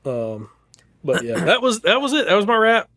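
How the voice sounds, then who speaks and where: A young man with a Southern US accent tells a hunting story on a casual podcast, with a voice that sits a little higher than most men's. He talks in an animated way, breaking off and restarting often and filling his sentences with "like". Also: moderate pace. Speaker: podcast co-host.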